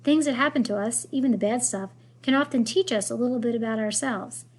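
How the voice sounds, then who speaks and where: A woman reading aloud as a kind, thoughtful male middle-school teacher, in a gentle, reflective way. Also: on the high side, brisk, natural voice. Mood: gentle, encouraging.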